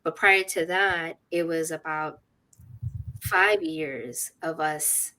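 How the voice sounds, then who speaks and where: A woman's voice: deep voice, slow. A woman in her thirties telling a personal story in casual chat, acting out the people she quotes and laughing often. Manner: animated, acts out quoted voices, laughs often. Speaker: podcast guest.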